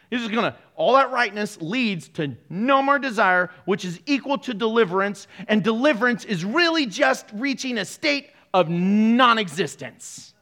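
Animated, bright-voiced joking preacher man. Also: sits high, unhurried. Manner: animated, joking, laughs often; sarcastic asides to the congregation. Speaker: pastor. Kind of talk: sermon.

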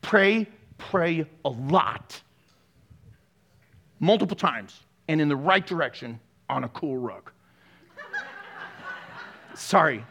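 A man's voice: a little high, animated, takes it slowly, long pauses, a bit bright. A man pastor giving a sermon, joking, laughing often and throwing sarcastic asides to the congregation.

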